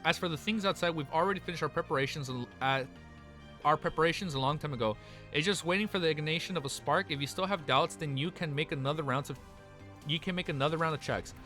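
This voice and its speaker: Man reading as a gentle female cult leader, commanding, bright forceful tone, stumbles. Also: a little high, quick pace, faint music behind. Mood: calm. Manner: plain read-aloud, stumbling.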